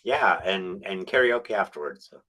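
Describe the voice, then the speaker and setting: Male guest, casual chat, very bright tone, lively pitch, easygoing. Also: moderate pace. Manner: easygoing, laughs a lot, stammers a little.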